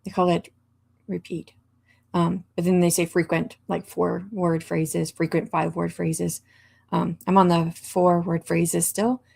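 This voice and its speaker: Chatty woman with a gravelly low voice. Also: flat delivery, a little slow, a little mellow. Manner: chatty, rambling with many fillers and laughs. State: hiccups. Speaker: livestream host. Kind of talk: casual chat reading viewer comments.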